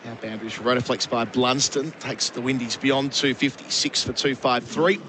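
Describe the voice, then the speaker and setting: A man doing ball-by-ball radio cricket commentary, brisk, lifting his voice to call each delivery. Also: mid-range voice, fairly even intonation, sharp tone, slight background noise.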